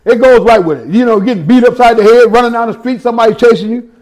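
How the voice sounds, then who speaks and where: A man's voice: very high voice, fast, a little mellow. A man preaching a sermon, telling his own testimony with street slang, scripture and repeated words.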